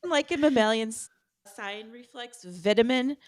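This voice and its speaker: An American woman co-hosting a fan podcast, telling stories in an animated, laughing casual chat. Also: on the high side, normal speed, dry recording. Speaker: podcast co-host.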